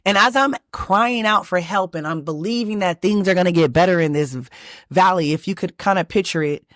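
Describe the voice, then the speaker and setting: A woman from Texas, hosting her own channel and telling a personal story in a lively, emphatic way with many restarts. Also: lowish voice, brisk, no room sound, studio quality. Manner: animated, emphatic, lots of restarts and fillers. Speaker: manifestation channel host.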